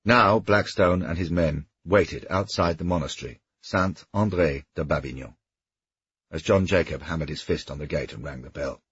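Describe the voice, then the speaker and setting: A man narrating an audiobook in steady storytelling, with a husky voice. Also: a bass voice, moderate pace, no room sound, highs cut off. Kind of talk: scripted narration.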